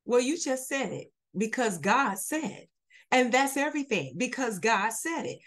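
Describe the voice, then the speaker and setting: A woman who is a minister, telling her personal testimony in an animated way and acting out both sides of each exchange. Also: sits high, normal speed. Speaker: guest, minister. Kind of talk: storytelling testimony.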